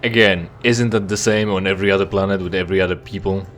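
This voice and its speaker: A man's voice: low-pitched, fairly even intonation, fast talker, a bit bright, faint music behind. A man giving sarcastic, rambling commentary over a game he is playing and reading its dialogue aloud. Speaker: let's play commentator. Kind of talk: casual gameplay commentary.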